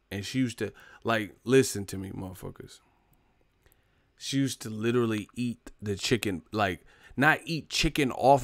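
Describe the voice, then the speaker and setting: A man's voice: on the low side, creaky, no echo. A young man hosting a livestream, telling profane stories in a casual comedic rant and reading out names from the chat, close to the mic. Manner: profane, storytelling, reads chat names, laughs loudly. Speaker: livestream host.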